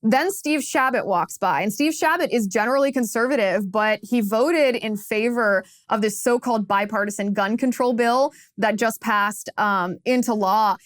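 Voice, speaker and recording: Woman host telling a story, fairly high voice, laughs a lot, dry close mic. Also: moderate pace, few pauses, no echo. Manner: animated, laughs while telling anecdotes. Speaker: political talk show host. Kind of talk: casual storytelling monologue.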